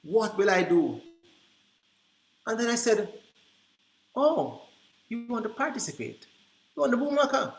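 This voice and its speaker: A man presenting to early childhood teachers, telling classroom stories in an animated way and acting out the dialogue. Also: high-pitched, measured pace, pauses often, a little hiss or hum. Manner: animated, acts out quoted dialogue. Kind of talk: storytelling presentation. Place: conference room. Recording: roomy echo.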